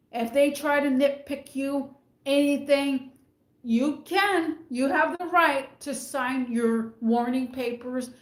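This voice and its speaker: A woman's voice: high-pitched, roomy sound, slight background noise. A woman venting in a casual rant to camera, emphatic and indignant, hammering her points by repeating them. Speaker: retail worker venting about managers.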